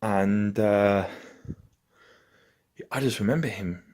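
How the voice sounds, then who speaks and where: Man, very low voice, rambling anecdote, vlog at home. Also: slow pace, a little mellow. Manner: rambling, loose anecdote-telling. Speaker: vlogger. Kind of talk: casual storytelling to camera. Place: at home, indoors.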